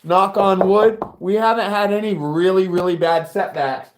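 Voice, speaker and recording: A man with a fairly high voice walks viewers through a car audio build in his workshop. He talks in a chatty, profane, casual way and keeps speaking directly to his audience. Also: steady tone, normal speed.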